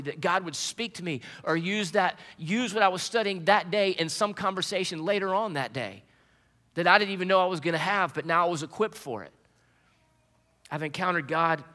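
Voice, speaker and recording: Bright-voiced preacher in a reverberant hall. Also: male voice, sits high. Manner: earnest storytelling preacher with restarts. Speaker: pastor. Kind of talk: sermon. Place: church sanctuary.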